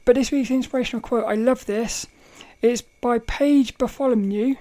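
A woman hosting a casual solo podcast, telling a story in a rambling, animated way, often laughing and restarting her sentences. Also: on the high side, normal speed. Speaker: podcast host.

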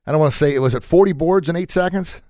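A man hosting a podcast interview in a small sound room, excitable and quick to laugh, often stumbling over his words. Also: on the high side, no echo, studio quality. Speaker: podcast host. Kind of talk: casual chat.

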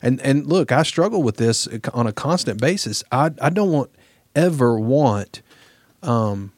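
A man's voice: medium pitch, animated, measured pace, a little mellow, no room sound. A man talking earnestly as a guest host on a casual podcast, with many fillers.

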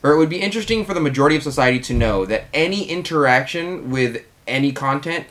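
A man's voice: a little high, lively intonation, quick pace, fairly bright tone. A man co-hosting a casual podcast, ranting animatedly and laughing often. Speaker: podcast co-host, artist.

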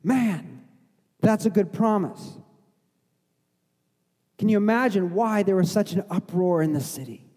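A man's voice: high-pitched, measured pace, long pauses, warm tone, big-room sound. A middle-aged man preaching a conversational sermon as pastor, sometimes acting out the crowd's voices. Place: church sanctuary.

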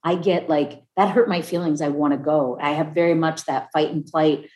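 A woman in her fifties talking casually and warmly about marriage, acting out other people's voices as she tells stories. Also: low-pitched, fairly even intonation, normal speed. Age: 50s. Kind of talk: casual heartfelt conversation. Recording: echoey room.

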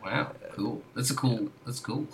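Male podcast co-host, bright tense tone, quick wry asides, laughs a lot. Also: mid-range voice. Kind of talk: casual chat.

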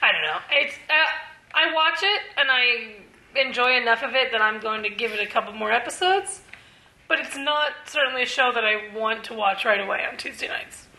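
A woman's voice: on the high side, animated, brisk, sharp tone. A woman co-hosting a casual TV podcast, chatty and wry, often answering "right". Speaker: podcast co-host. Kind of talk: casual chat. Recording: roomy echo.

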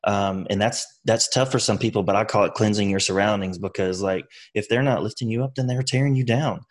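A man with a fairly low voice, speaking as a podcast guest. He gives earnest motivational advice and often restarts his sentences. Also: fairly quick. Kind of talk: conversational interview.

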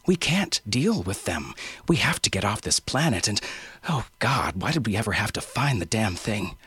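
A man's voice: on the low side, animated, moderate pace, a bit bright, husky, no room sound, heavily acted. A man voicing a frightened, agitated member of a space crew. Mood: alarmed. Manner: agitated, pleading.

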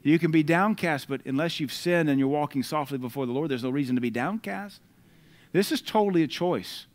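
With a voice on the high side and a somewhat fast delivery, this American man preaches, punctuating his scripture reading with loud, emphatic outbursts. In the gaps between verses he shifts into conversational remarks.

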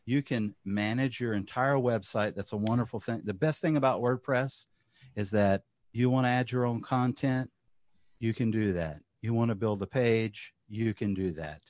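A man with a Southern US accent who co-hosts a podcast and talks in a relaxed, talkative way, often repeating words as he starts a sentence. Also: on the low side, moderate pace, no room sound, studio quality. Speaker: podcast co-host. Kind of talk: casual chat.

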